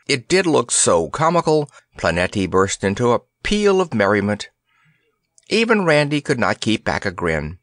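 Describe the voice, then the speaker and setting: A man narrating a children's fantasy audiobook in an expressive, storybook manner. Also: medium pitch, dry recording, clean studio sound. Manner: expressive, unhurried reading.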